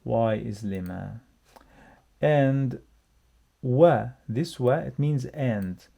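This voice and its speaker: Slow, gravelly male language teacher. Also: medium pitch, dark tone. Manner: patient, repeats words slowly for learners. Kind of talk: online language lesson.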